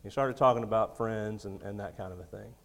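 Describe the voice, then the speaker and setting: A man in his thirties preaching a sermon in a storytelling way, laughing often and swinging between quiet, close moments and loud ones. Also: lowish voice, fairly quick, vocal fry. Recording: long hall reverb.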